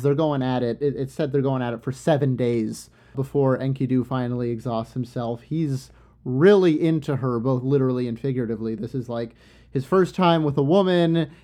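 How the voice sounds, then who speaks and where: A man with a warm, relaxed voice tells an ancient tale as a casual chat. He talks loosely and jokes, with plenty of "you know" and "like". Now and then he slips into quick voices for the characters. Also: mid-range voice. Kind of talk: casual retelling of an ancient epic.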